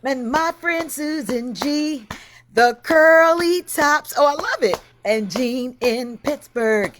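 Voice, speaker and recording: A woman's voice: high-pitched, animated, slow pace, soft background music. A woman hosting a livestream over a video call, greeting viewers by name with effusive exclamations. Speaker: host.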